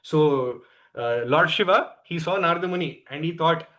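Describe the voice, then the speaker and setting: A man's voice: a little high, normal speed. A man with an Indian English accent telling a scripture story in a devotional class, often checking in with "right?". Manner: lively storyteller, tags lines with "right?".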